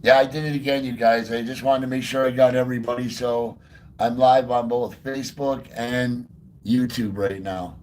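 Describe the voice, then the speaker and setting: A man's voice: medium pitch, fairly even intonation, moderate pace. Man, live-stream host, casual chatty greetings to each viewer, ordinary mid-range voice, outdoor phone sound with faint noise. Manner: greets viewers by name one after another; soft baby talk to his dog. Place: outdoors in freezing cold by a river.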